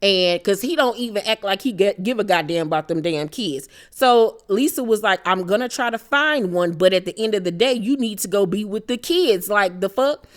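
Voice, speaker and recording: A woman hosting a casual reality TV recap, talking in an animated, gossipy and profane way, with bursts of mock outrage. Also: mid-range voice, normal speed, few pauses.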